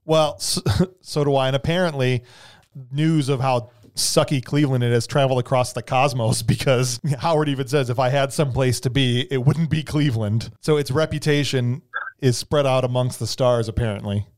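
A man hosting a casual movie podcast, animated and jokey, firing off quick rhetorical questions. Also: medium pitch. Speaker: podcast host.

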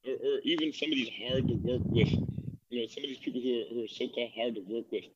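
A man's voice: medium pitch, fast, muffled recording, very noisy. A man co-hosting a casual podcast chat, emphatic and wry. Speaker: co-host.

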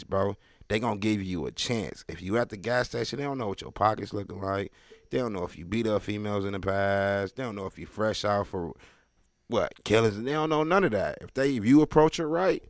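Guy doing stand-up w/ AAVE, loud and animated, dry close sound. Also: fairly low pitch, dry recording. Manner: loud, animated, slangy street talk with crowd asides. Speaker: stand-up comedian. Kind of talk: stand-up comedy set.

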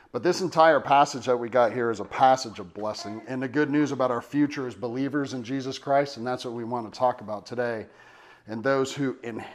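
A man reading scripture aloud and then teaching on it in a casual, conversational way, with many fillers and emphatic asides. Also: mid-range voice. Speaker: Bible teacher. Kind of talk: casual Bible study teaching.

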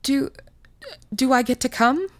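A woman's voice: a little slow, dry recording. A woman voicing a young mother pleading, tearful, for her child in a told story. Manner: pleading, pitched up. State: crying. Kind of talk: storytelling podcast reading.

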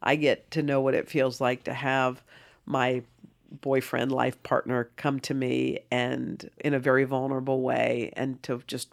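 A woman in her fifties, an interview guest telling a personal story in an earnest, animated way. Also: very deep voice, unhurried, vocal fry. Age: 50s. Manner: earnest, animated, acts out dialogue.

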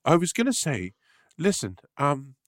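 A man's voice: on the high side, huge pitch swings, unhurried, no room sound, studio quality, pitched above the performer's own voice. A man improvising a nervous friend who delivers bad news in an overly decent, wholesome voice. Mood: prim, nervous. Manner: overly prim, wholesome and formal. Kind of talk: comedic improvised role-play.

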